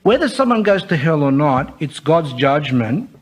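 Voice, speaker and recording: Man, priest, informal sermon, fairly high voice, chatty, acts out quotes. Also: big pitch swings, moderate pace, breathy edge. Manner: conversational, with fillers and acted-out quotes.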